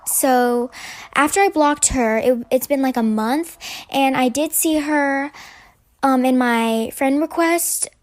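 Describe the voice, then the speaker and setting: Young woman, high voice, casual storytime, lots of ums. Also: slow. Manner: hesitant, lots of fillers.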